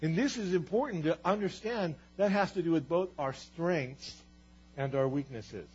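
A man's voice: a little high, moderate pace, darkish tone, breathy edge. A man preaching a sermon as pastor, earnest and building to emphatic repeated declarations. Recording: dull, lo-fi sermon recording.

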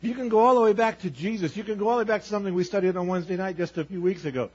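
A man's voice: sits high, very fast, a little mellow, slightly rough, muffled recording. A man preaching a sermon as pastor, emphatic, acting out Bible voices as he tells the stories.

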